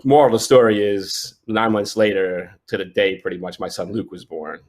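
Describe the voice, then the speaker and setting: A man in his forties tells a story in casual conversation, with a fairly low voice. He rambles and keeps restarting sentences, with plenty of fillers. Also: fairly even intonation, normal speed, few pauses. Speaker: sports photojournalist guest.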